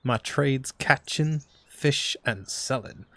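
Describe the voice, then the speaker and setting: A man's voice: mid-range voice, slow, bright, forceful tone. A man voicing a folksy male fisherman with a Southern drawl and a chummy way of talking.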